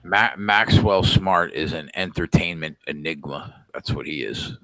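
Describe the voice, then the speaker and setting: A man's voice: sits low, a little slow, fairly bright tone, no room sound. A man co-hosting a casual late-night sports betting chat, laid-back and profane, with lots of filler words. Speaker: podcast co-host.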